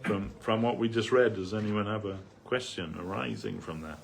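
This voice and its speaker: Man with a lowish voice, casual storytelling talk, rambling fillers, faint background hiss. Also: normal speed, gravelly. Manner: rambling, full of "like" and "you know". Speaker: devotee speaker. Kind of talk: anecdotal talk on a reading. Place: temple hall.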